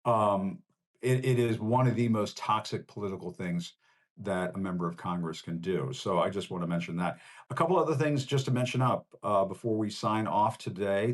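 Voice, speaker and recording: A man from Northern Virginia hosting a live show, signing off in a conversational, rambling, personal way. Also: lowish voice. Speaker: host. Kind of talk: casual livestream sign-off.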